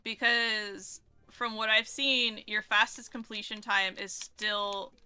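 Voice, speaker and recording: A woman live streamer chatting casually while gaming, cooing baby talk to her cat and cheering in excited bursts. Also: medium pitch, takes it slowly, clean tone.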